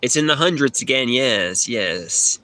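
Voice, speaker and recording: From an outdoor swimming pool, a man rambles through a phone livestream, answering comments and hamming up a fake New York accent while humming and singing bits of songs. His voice is medium in pitch, bright and forceful, with lively intonation and a measured pace, captured on the phone's camera mic.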